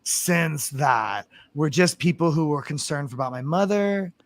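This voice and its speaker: A man as a guest in a casual livestream chat, talking in a halting, reflective way with many restarts. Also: a little high, expressive.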